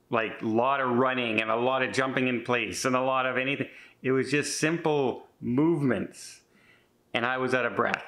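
A man's voice: medium pitch, fairly bright tone. A man in his fifties talking in a casual vlog, chatty and rambling with many restarts, earnest and a bit defensive. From Canada. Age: 50s. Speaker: vlogger.

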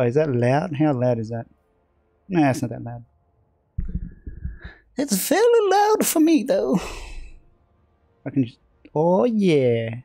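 A man with a mellow mid-range voice streams a game live, rambling casually and trading self-mocking banter with his chat, captured in a dry recording.

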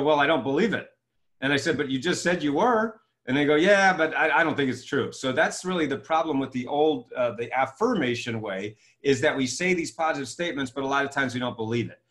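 A man's voice: mid-range voice, a bit bright. A man being interviewed as a guest expert over a video call, talking energetically and explaining his ideas with examples.

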